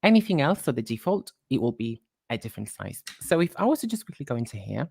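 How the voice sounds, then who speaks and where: A woman presenting a live software tutorial, talking while she clicks through screens and quickly corrects her own slips. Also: rumbling low, big pitch swings, creaky, slightly rough, no room sound, studio quality.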